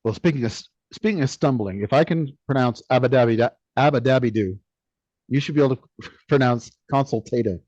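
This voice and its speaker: A man co-hosting a business podcast, talking casually and haltingly, often restarting his sentences. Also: mid-range voice, darkish tone, no room sound. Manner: halting, many restarts and fillers. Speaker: podcast co-host. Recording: slightly dull lo-fi sound.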